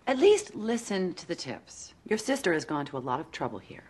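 A woman's voice: fairly low pitch, big pitch swings, moderate pace, darkish tone, breathy edge. An actress playing a chatty woman who nudges her sister about dating tips, in a film clip. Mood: coaxing.

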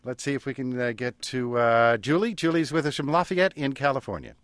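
Man radio host, easygoing, halting at times, dry studio sound. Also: mid-range voice, no room sound. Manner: relaxed, hesitant with restarts. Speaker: radio talk show host. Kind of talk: call-in radio hosting.

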